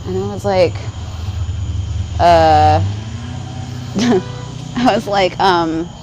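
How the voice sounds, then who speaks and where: A woman's voice: on the low side, drawn-out words, darkish tone, a little hiss or hum, rough recording. A woman vlogger telling a spiritual story in casual, rambling talk, often checking in with "right?" and laughing along the way. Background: faint crickets.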